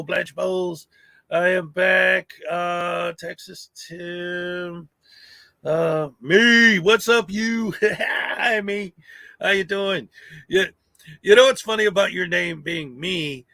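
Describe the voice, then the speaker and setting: A man hosting a morning livestream cheerfully shouts out chat viewers by name, upbeat and laughing often in casual talk. His voice is fairly high, gravelly, pushed, and bright, with no echo.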